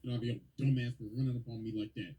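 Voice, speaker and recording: A man's voice: mid-range voice, fairly even intonation, racing, husky, highs cut off, voice pushed down, lightly acted. A man voicing an arrogant, towering warrior who trash-talks in slang, cocky and dismissive.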